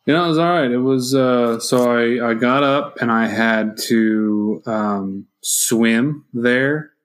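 A man's voice: medium pitch, slow, smooth. A man co-hosting a laid-back movie podcast with a voice in an ordinary middle register. He talks in loose, casual chat and slips into profane, mock-exasperated rants. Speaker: podcast co-host.

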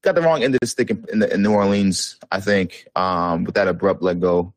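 A young man with a very low voice talks basketball on a podcast. He rambles casually, leans on slang and fillers, and sounds close and dry. There is little room sound around him. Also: a little fast, dry recording. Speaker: podcast co-host. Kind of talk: casual sports chat.

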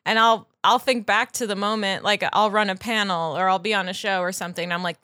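A woman's voice: medium pitch, fairly even intonation, fast talker, hardly any pauses, sharp tone, no room sound, studio quality. A woman hosting a podcast in casual chat, talking animatedly and laughing often. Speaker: podcast host.

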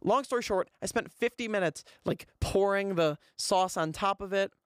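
A young man hosting a podcast, telling a rambling, animated story in a casual way. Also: high voice, moderate pace, clear, resonant tone, no echo, clean studio sound. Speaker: podcast host.

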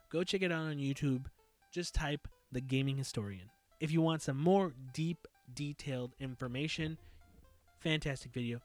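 High-voiced man hosting a podcast. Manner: relaxed, drawn-out wrap-up talk with fillers. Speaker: podcast host. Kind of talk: casual podcast chat.

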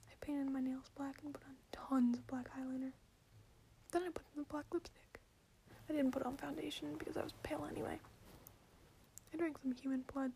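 A woman reading a story in a soft, deadpan whisper, in a whispered ASMR reading style. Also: high voice, a little hiss or hum.

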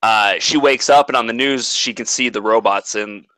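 A man's voice: mid-range voice, normal speed, bright, forceful tone, no room sound, poor audio. A man in casual chat, animatedly retelling a movie plot and swearing freely.

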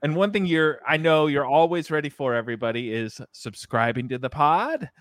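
A man with a fairly high, very lively voice hosts a casual gaming podcast on a video call. He talks in a playful, hammy way and laughs often. The sound is dry and close. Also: moderate pace, dry recording. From Southern California. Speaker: podcast co-host.

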